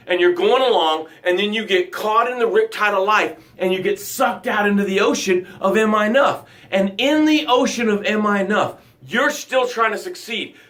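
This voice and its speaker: A man coaching listeners on a motivational daily broadcast, emphatic and preachy, swinging from loud bursts to hushed lows and calling his audience "tribe".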